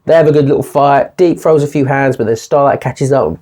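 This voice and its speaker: Guy, young adult, casual video review, excitable and chatty, mid-pitched voice. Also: brisk. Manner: excitable, chatty, laughs often. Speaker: TV series reviewer.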